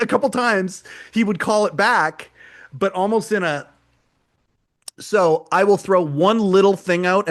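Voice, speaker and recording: A man's voice: high-pitched, a bit bright. A man co-hosting a podcast, retelling a live show in casual chat, rambling and repeating words as he goes. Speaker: podcast co-host.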